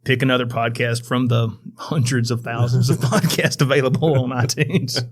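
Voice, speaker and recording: A man's voice: mid-range voice, flat delivery, moderate pace. A man with a Southern US accent co-hosting a comedic podcast, joking and laughing often as he reads news stories aloud. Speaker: podcast co-host. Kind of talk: casual comedic chat.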